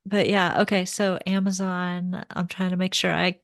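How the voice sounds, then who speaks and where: A woman host of an interview podcast, speaking in short supportive replies and tidy wrap-up questions. Her voice sits a little low for a woman. The sound is dry and close, with no room echo. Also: level tone, moderate pace. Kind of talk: casual interview chat.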